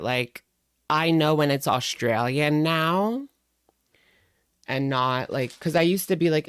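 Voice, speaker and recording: A woman's voice: low-pitched, animated, a little slow, clear, resonant tone, no room sound, clean studio sound. A young woman hosting a live stream, chatting casually in a rambling way and greeting viewers by name.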